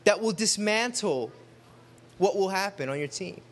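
A man preaching to a group, telling a personal story in a conversational, animated way and acting out the quotes. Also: high voice, unhurried. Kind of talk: sermon with storytelling.

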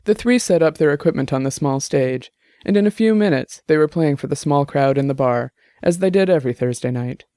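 Man, audiobook narrator, steady even reading, raised pitch. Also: fairly quick, no room sound, studio quality. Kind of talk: scripted novel narration.

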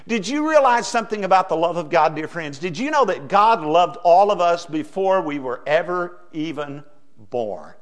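A middle-aged preacher from delivers a folksy sermon. His voice sits fairly high for a man and moves constantly, sliding between hushed, intimate asides and loud, emphatic peaks. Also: very animated, moderate pace. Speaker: pastor.

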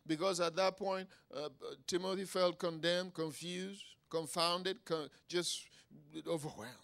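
Guy preaching, fairly high bright voice, emphatic, keeps checking if the crowd gets it. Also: fairly even intonation, unhurried. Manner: emphatic, swings between quiet asides and loud exclamations; engages the audience with "Huh?" and "Is anybody getting anything?". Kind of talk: sermon.

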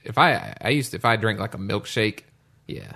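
Young man, very lively pitch, wry comic banter. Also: normal speed, gravelly. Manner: wry, joking asides. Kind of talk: casual chat.

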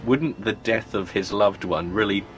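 Very deep-voiced man chatting casually. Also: a little slow, a little hiss or hum. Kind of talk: casual chat about a TV show.

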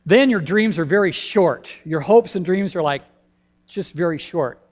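Older pastor, dull lo-fi church recording. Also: male voice, high-pitched. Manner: folksy, gentle, pausing with ums. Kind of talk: children's sermon. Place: church sanctuary. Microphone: handheld microphone.

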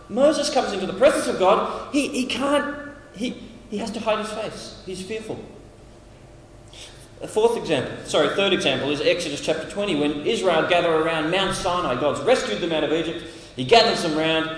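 An Australian man preaching at a camp, lively and dramatic, acting out lines from scripture. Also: high voice, brisk, slight background noise. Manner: animated, acts out voices from scripture passages. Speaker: camp speaker. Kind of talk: sermon. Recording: echoey hall, heard from a distance.

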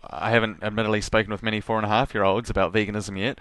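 Soft, low New interviewer. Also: male voice, level tone, racing, clean tone, no room sound. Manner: hesitant, gentle, many "um" and "sort of". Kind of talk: casual interview chat.

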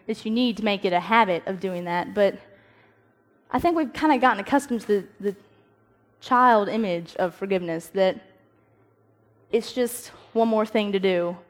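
Animated young woman giving a devotional talk. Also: medium pitch. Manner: animated, acts out quoted voices, laughs at herself.

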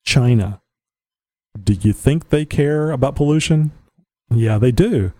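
A man's voice: mid-range voice, slow pace, warm tone, dry recording. A man with a Southern US accent hosting his own podcast, rambling on in a blunt, opinionated way and chuckling to himself. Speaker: podcast host. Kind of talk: casual rambling monologue. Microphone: home podcast mic.

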